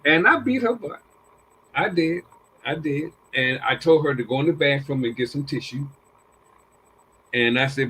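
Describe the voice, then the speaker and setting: A man's voice: a little high, moderate pace, pauses often, pushed and bright, slight background noise, rough recording. An older man casually telling family stories, acting out what people said and repeating phrases as he goes. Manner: acts out quoted dialogue with a raised voice. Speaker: panel guest. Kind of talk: casual storytelling.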